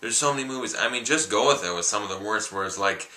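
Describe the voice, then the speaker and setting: A man's voice: fairly low pitch, fast, bright, forceful tone. A young man reviewing a film in a casual, rambling way, full of "like"s. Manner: rambling, offhand, many "like"s. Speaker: movie reviewer. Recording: echoey room.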